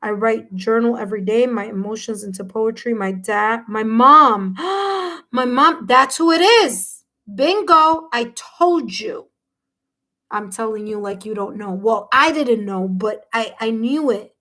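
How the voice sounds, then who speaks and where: A woman's voice: fairly high pitch, a little slow, sharp tone. A woman hosting a live tarot reading, talking effusively to viewers and gasping and exclaiming as she reads their replies. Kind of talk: live-stream chat, reading viewer comments aloud.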